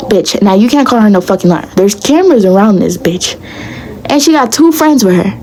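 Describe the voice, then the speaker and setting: A young woman telling a storytime to her viewers in a casual, blunt, profane and animated way. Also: mid-range voice, brisk, rough recording. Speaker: vlogger.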